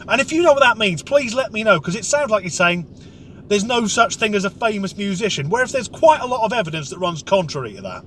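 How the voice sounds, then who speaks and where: A man's voice: high voice, animated, a little fast, a bit bright, slight background noise. A man telling a comic rant story, sweary, sarcastic and exasperated. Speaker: comedic vlogger.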